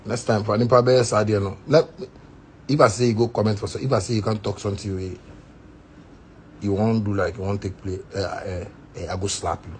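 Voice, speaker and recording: A man's voice: fairly low pitch, fairly even intonation, fairly quick, a little mellow, slight background noise. A man with a Ghanaian accent, ranting and mocking a critic in a video, mixing Pidgin with Twi phrases in sing-song jeers. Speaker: musician answering a critic. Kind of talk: ranting social media video.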